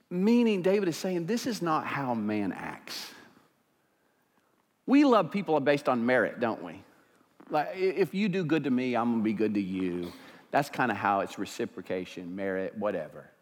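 A man preaching a sermon as pastor, swinging from quiet, intimate stretches to loud, fired-up passages. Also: medium pitch, big-room sound.

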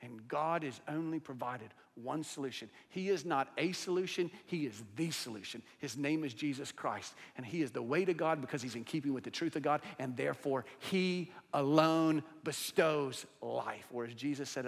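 Man, pastor, sermon, emphatic, swings loud to hushed, mid pitch, long church reverb. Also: moderate pace, vocal fry, few pauses, slightly rough. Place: church sanctuary with a congregation.

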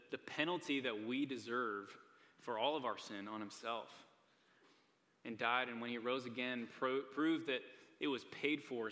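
A man's voice: medium pitch, pushed and bright. A young man preaching a sermon to a live audience in a church hall, earnest and casual, with frequent "like" and "right?" asides. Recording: long hall reverb.

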